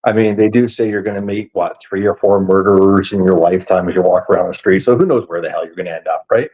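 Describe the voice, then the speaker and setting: A man hosting a paranormal investigation podcast in casual chat, talking over a video call and quick to laugh. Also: low voice, lo-fi sound. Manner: animated, laughs easily, rapid asides.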